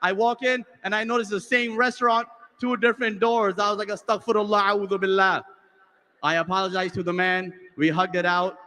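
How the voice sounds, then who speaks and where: High-voiced man emceeing in a big hall. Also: brisk. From United States. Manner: animated storyteller, acting out dialogue with lowered voices. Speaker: emcee host. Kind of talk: stand-up anecdote on stage. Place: large convention hall stage.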